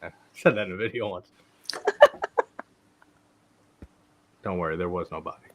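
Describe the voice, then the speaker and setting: Man, low voice, relaxed live-stream host, giggly, casual cursing. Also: moderate pace, slight background noise. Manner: laughs often, swears casually. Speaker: watch party host.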